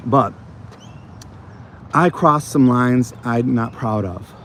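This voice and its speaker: A man's voice: mid-range voice, expressive, extremely slow, a bit bright, a little hiss or hum. American man rambling on a walk. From United States. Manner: rambling storytelling, many fillers. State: recovering from a cold. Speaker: channel host. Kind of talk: casual walking vlog. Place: outdoor botanical garden on an evening walk.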